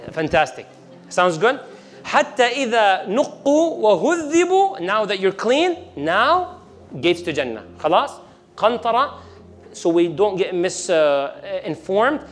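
A man preaching a lively sermon to an audience, acting out the devil's whispers and reciting verses in Arabic. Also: high voice. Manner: animated, acts out the devil's whispers in asides, mixes in Arabic recitation.

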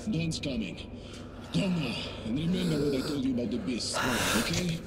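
A man plays an urgent male guide in a video game, commanding and terse as he sends the hero off alone. His voice sits a little high for a man. Heavy noise runs under the game audio. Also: expressive, moderate pace, close to an everyday voice. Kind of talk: game dialogue.

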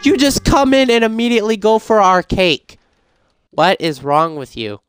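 A man playing a life-sim game, reading prompts aloud and reacting in casual let's-play commentary, getting frantic and shouty when things go wrong. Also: sits high, moderate pace, smooth, dry recording, clean studio sound. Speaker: gaming YouTuber.

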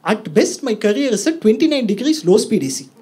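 A man's voice: high voice, a little fast, husky. A man doing a stand-up comedy set, telling stories animatedly before a live audience. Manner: animated storytelling, sombre in the closing part.

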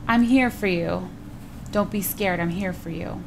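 A woman's voice: lowish voice, a little slow, vocal fry, background noise. A woman hosting a gaming video, chatting casually to viewers as she plays and sometimes exclaiming in surprise. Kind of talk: casual let's play commentary.

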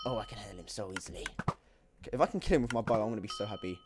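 A young man giving excitable, jokey commentary while playing a video game, swinging between loud outbursts and quiet muttering. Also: fairly low pitch, very fast, slight background noise. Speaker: gaming YouTuber. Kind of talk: gameplay commentary.

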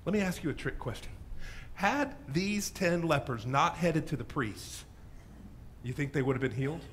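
A male pastor preaching a sermon in church, telling the story dramatically, swinging from loud bursts to hushed asides. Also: fairly high pitch, moderate pace, slight background noise. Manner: animated storyteller, dropping to hushes.

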